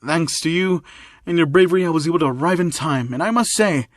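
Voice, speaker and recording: A man voicing a proud, booming male mentor hero in a fan-made story reading, giving hearty praise. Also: fast talker, no echo, studio quality, lightly acted.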